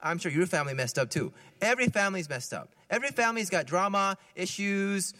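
Lively, bright-voiced preacher in a church. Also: male voice, high-pitched, fast, in a large hall. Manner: conversational, lively, often laughing. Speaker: priest. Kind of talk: homily.

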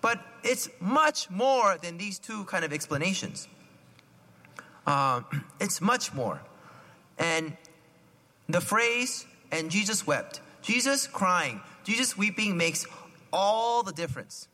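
A man giving a conversational homily, often asking his listeners questions and clearing his throat. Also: sits high, very animated, slow pace, sharp tone. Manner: chatty, asks the listeners questions, frequent "right?". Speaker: preacher. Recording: long hall reverb.

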